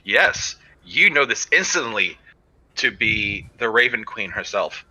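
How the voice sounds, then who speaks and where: A man narrating a tabletop game as game master, describing scenes in slow detail with fillers. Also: fairly low pitch, very animated, sharp tone, poor audio.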